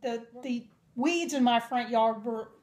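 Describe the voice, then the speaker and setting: A woman's voice: fairly high pitch, normal speed, a little mellow. A young woman telling her personal testimony in an earnest, emotional way. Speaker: testimony speaker.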